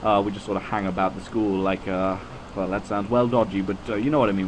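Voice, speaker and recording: A man in his twenties giving casual, rambling video game commentary, chatty and self-mocking, with swings in pitch. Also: little pitch movement, fast talker, slight background noise, low-quality recording.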